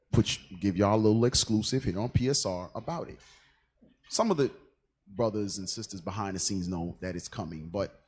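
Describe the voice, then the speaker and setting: A man's voice: lowish voice, a little mellow, slight background noise. A man hosting an online radio show, talking casually with stop-start phrasing and earnest asides. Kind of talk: casual livestream chat.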